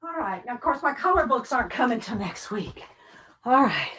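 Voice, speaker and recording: Woman, casual craft vlog chat, giggly, slightly breathless, raised pitch. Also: very animated, normal speed, a bit bright, breathy edge. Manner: chatty, giggly, keeps saying hang on while unboxing. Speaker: craft vlogger.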